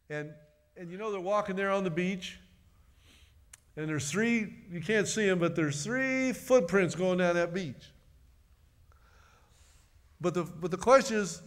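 A middle-aged man preaching a sermon in a church, earnest and repeating phrases for emphasis. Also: a little high. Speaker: pastor. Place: church sanctuary.

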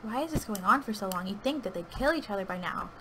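A woman giving anxious, pleading live commentary on her own gameplay, with sudden loud outbursts. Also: medium pitch, expressive, fast talker, background noise. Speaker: gaming video creator. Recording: keyboard clicking audible behind voice.

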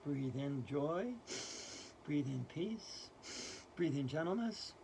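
A man's voice: a little high, lively intonation, slow, vocal fry, dark tone, slight background noise, heavily acted. A man playing a giddy winged yoga teacher lady. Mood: soft coaxing. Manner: giggly, keeps breaking into laughter and swearing. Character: giddy quirky female yoga teacher wearing wings. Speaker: yoga instructor. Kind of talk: comedic character yoga lesson.

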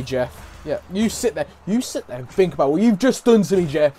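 A man commentating a game, loud and mocking, swearing and taunting characters. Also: on the high side, very animated, brisk, husky. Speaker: gaming YouTuber. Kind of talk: let's play commentary. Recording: game music faint behind.

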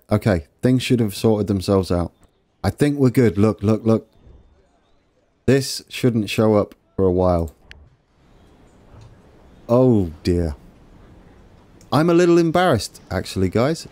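Lowish and mellow, this male let's play host keeps up a chatty stream of casual gameplay commentary. He laughs at his own blunders and talks to his viewers as he works on repairing trains.

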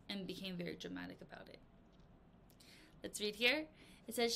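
A bright, fairly high-pitched woman teaching English vocabulary to young learners. She explains each word, then acts out the example sentences with lively little voices. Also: moderate pace, vocal fry, long pauses. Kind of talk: vocabulary lesson for children. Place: language academy in Korea.

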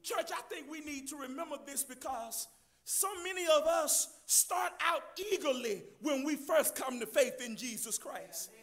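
A man preaching a sermon, loudly addressing the congregation as church, with a gravelly edge. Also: extremely high pitch, animated, a little slow. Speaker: pastor.

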